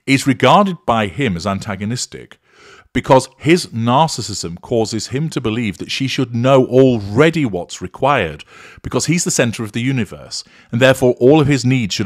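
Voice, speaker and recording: A man narrating a clinical, measured analysis of a recorded argument, naming each tactic as he goes. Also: medium pitch. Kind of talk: analytical voice-over commentary.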